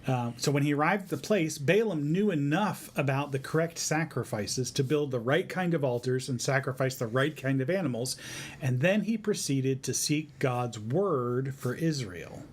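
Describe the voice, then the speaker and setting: A man retelling a Bible story to his son in a family devotion, in a lively, conversational way. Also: mid-range voice, moderate pace. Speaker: father teaching his son.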